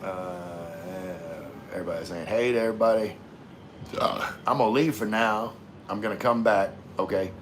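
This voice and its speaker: A man's voice: low-pitched, fairly even intonation, moderate pace, a bit bright, slight background noise. Laid-back, slangy man chatting on a stream. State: drinking. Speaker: livestream host reading chat. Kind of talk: casual livestream chat.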